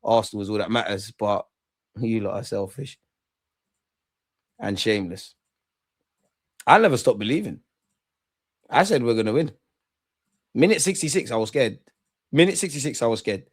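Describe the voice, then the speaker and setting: A man's voice: on the low side, moderate pace, pauses often. A young man hosting a livestream football reaction, ranting and taunting his chat. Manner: excitable, taunting, shouts at chat. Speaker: fan channel host.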